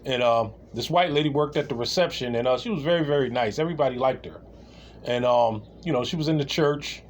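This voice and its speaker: A man's voice: mid-range voice, brisk, a little hiss or hum. A man telling a comedic anecdote in a casual, rambling way, with many restarts and laughs. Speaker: storyteller.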